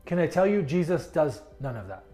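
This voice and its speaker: A man's voice: on the high side, very animated, a little fast, dark tone, faint music behind. A man preaching a sermon with passion, often stammering and restarting his words. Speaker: pastor.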